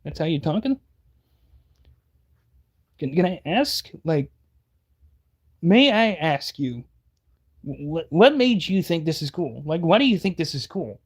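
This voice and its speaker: A man's voice: fairly high pitch, big pitch swings, takes it slowly, long pauses, slightly rough. A man giving casual reaction commentary, rambling and heated, stumbling over restarts. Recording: dull lo-fi audio.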